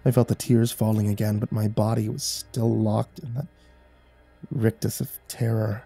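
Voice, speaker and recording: A man narrating a horror story in first person, with measured, dramatic storytelling. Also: on the low side, level tone, gravelly, warm tone, soft background music.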